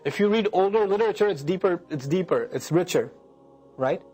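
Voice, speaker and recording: A man with a bright, high-pitched voice lectures on scripture with lively energy. He recites Arabic verses and acts out emotions as he explains. Soft music plays faintly underneath. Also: brisk. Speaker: Quran lecturer.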